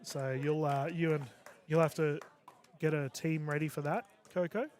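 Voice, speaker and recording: A man's voice: a little high, fairly even intonation, normal speed, a little mellow. A man commentating sports, bantering and teasing his guest in casual chat. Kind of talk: casual booth chat on a broadcast.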